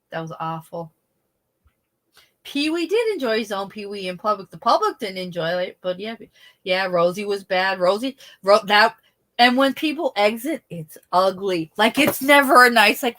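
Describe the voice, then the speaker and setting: Woman, casual livestream host, chatty and animated with frequent laughs. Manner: chatty, animated, laughs often, trails off into sad lows.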